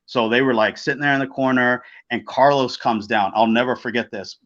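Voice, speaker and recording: A middle-aged man co-hosting a casual podcast, telling an old road story in a profane, animated way and acting out the voices of the people in it. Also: medium pitch, a little fast, few pauses. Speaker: podcast co-host, former pro wrestler. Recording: dull lo-fi podcast audio.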